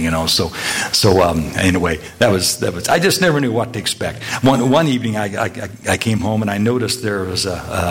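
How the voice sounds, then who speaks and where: A middle-aged man giving a conversational sermon, telling homely stories in a halting way with many fillers and restarts. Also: low voice, fairly bright tone. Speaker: preacher.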